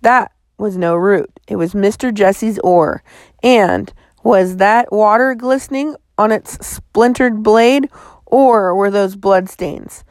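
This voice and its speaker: A woman reading a children's novel aloud in a measured storytelling manner. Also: mid-range voice, darkish tone, no room sound. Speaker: audiobook narrator.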